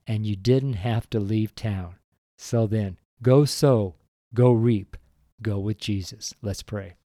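A man preaching a devotional sermon and praying, earnest and openly emotional, with slow, deliberate emphasis. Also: lowish voice, warm tone, no room sound, clean studio sound. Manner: earnest, emotional, tearful at times.

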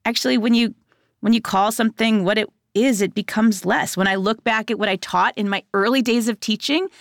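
A woman's voice: a little high, brisk, gravelly, no echo, clean studio sound. A woman who is a teacher and a parent, talking in a casual conversation in an emphatic way with rhetorical questions.

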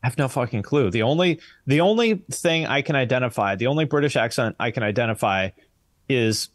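A man's voice: mid-range voice, animated, fairly quick, no echo. Blunt joking man, dry close sound. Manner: blunt, joking, swears freely. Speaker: podcast host. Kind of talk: casual chat.

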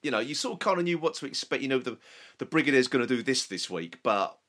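A man's voice: mid-range voice, very animated, quick pace, fairly bright tone. A man hosting a podcast in casual chat, rambling and hedging with many restarts. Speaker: podcast host.

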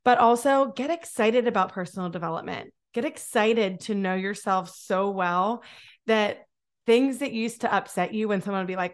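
A woman's voice: mid-range voice, moderate pace. Woman podcast host, encouraging and upbeat, repeats words for emphasis, solo talk.

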